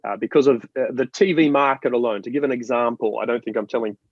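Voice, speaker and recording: A man from Australia, a guest in an interview, explaining ideas in an animated, storytelling way with many restarts. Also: mid-range voice, fast talker, no echo, lo-fi sound. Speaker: marketing guest. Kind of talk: interview conversation.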